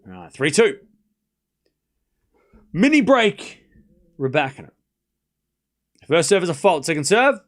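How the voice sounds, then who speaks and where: Male stream host, high lively voice, excitable play-by-play tennis commentary with banter. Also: unhurried, pauses often. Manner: chatty, excitable, jokes and speaks to viewers.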